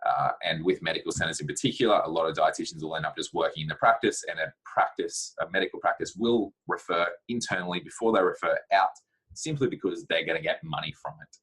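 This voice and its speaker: Low husky man, blunt and practical. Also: quick pace, fairly bright tone, poor audio. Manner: blunt, practical, with many fillers. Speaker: dietitian giving career advice. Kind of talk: casual reflective talk to camera.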